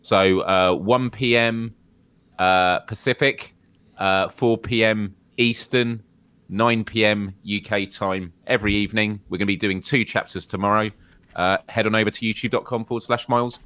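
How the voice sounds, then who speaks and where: Low-voiced British man, wry banter. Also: fairly even intonation, moderate pace, a bit bright, clean tone, no room sound. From United Kingdom. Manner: wry, chatty, dry humor. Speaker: podcast co-host. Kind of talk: casual live-stream banter.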